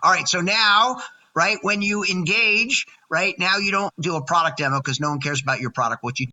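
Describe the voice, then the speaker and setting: A man in his sixties chats as a podcast guest in a very bright, forceful voice, with a slightly high pitch. He sounds energetic and jokey, and he often counts off his points one by one. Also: a little fast, low-quality recording. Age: 60s. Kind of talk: casual chat.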